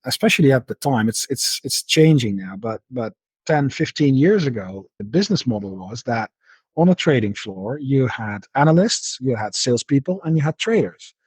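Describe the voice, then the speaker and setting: A middle-aged man, a guest on a podcast, talking through his past work in a relaxed, conversational way, often repeating words and restarting his sentences. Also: medium pitch, normal speed, slightly rough, dry recording. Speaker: podcast guest, market analyst. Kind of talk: conversational interview.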